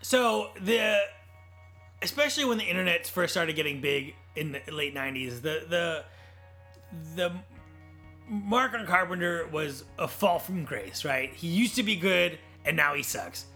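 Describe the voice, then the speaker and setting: A man's voice: fairly high pitch, animated, measured pace, sharp tone, soft background music. A man hosting a film podcast in casual chat, opinionated and steering the talk with questions. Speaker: podcast host.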